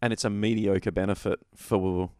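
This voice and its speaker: A man's voice: fairly low pitch, fairly even intonation, moderate pace, dark tone, no room sound, clean studio sound. A man co-hosting a casual tabletop wargaming chat, rambling and opinionated, often correcting himself mid-sentence. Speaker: podcast co-host.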